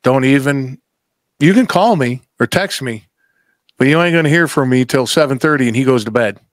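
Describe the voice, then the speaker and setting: A man chatting as a podcast guest, telling casual stories in a profane, animated way that repeats itself. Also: medium pitch, normal speed, no echo. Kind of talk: casual storytelling chat.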